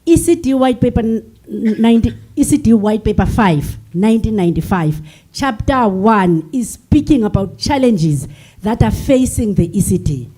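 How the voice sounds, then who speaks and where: In a large conference hall, an older South African woman delegate speaks from the forum floor, earnest and emotional, repeating her points. Her mellow voice is a little high, with lively intonation at a normal speed.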